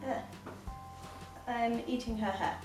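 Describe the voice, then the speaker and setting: A woman's voice: fairly high pitch, steady tone, takes it slowly. A woman vlogging casual advice as a cat sitter, chatty and giggly, talking at home with a cat on her lap. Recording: roomy, slightly distant, faint music.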